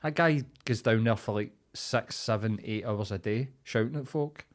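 A man's voice: fairly low pitch, normal speed. A man hosting a podcast, chatting casually in a blunt, sweary, ranting way. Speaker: podcast host. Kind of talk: casual chat.

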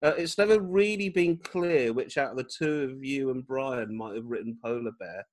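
A man's voice: mid-range voice, normal speed. A man hosting a podcast interview, chatting casually, enthusiastic and fan-like with hesitant fillers. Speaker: podcast host.

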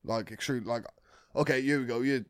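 A man's voice: mid-range voice, a little fast, clean tone, no room sound. Young man, podcast co-host, crude casual banter, dry close sound. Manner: crude, laid-back banter. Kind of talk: casual chat.

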